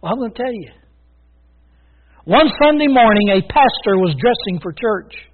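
A man preaching a folksy, emphatic sermon, swinging between loud declarations and quiet asides. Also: sits high, animated, moderate pace. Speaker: pastor. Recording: tinny phone-like sound.

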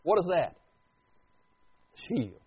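Husky preacher on a tinny line. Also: male voice, a little high, very animated, drawn-out words. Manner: dramatic swings from loud to hushed. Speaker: pastor. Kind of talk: sermon. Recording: tinny phone-like recording.

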